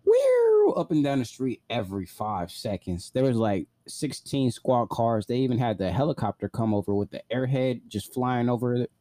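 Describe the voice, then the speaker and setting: Mellow-voiced man telling a rambling story. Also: medium pitch, moderate pace, hardly any pauses, dry recording, studio quality. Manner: blunt, profane, rambling retelling with filler "like". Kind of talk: casual personal storytelling.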